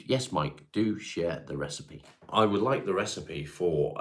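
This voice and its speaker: A man's voice: low voice, measured pace, hardly any pauses. A man hosting a casual live stream, reading out viewer comments and answering them in a laid-back way with the odd swear word.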